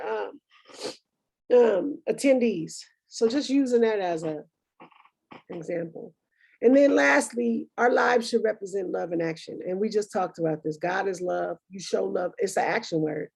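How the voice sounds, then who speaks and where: A woman's voice: fairly high pitch, gravelly, a little mellow, husky. A woman hosting a podcast, recapping past episodes in a casual, preachy monologue and thinking aloud with fillers.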